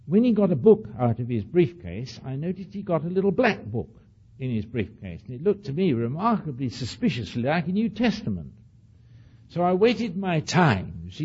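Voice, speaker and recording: An older man with an accent of his own, telling a story to an audience as an animated lecture with frequent asides. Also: fairly high pitch, husky, dull audio. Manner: says he speaks with an accent. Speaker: speaker addressing an audience. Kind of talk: anecdotal lecture.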